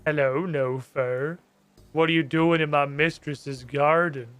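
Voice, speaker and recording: A man voicing a dignified talking cat in a game, speaking slowly in a measured, stately way. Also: a little high, steady tone, a bit bright, clear, resonant tone, no echo. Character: slow, dignified garden cat.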